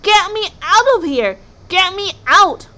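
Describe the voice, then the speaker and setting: A woman's voice: high-pitched, expressive, a little fast, pushed and bright, voice pushed up. A woman voicing a greedy, bellowing sea monster in a storybook reading. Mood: panicked. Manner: roaring, bellowing.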